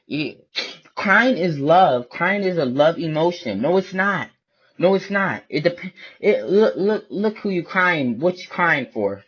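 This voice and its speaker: Man, husky voice, casual profane rant, repetitive, dull lo-fi recording. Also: fairly high pitch, animated, measured pace, fairly bright tone. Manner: blunt, profane, repetitive ranting. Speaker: online video preacher. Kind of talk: casual ranting monologue.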